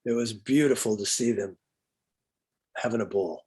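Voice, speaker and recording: A man's voice: on the low side, normal speed, slightly rough. An older man, a veteran guitarist, telling laid-back stories as an interview guest. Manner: laid-back, warm storyteller. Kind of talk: relaxed interview storytelling.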